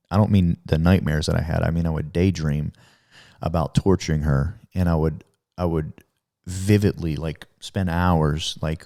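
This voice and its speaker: Swearing man with a low voice. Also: darkish tone. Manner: rambling, heavy swearing and fillers; frequent self-corrections and restarts. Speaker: podcast guest. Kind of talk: casual storytelling.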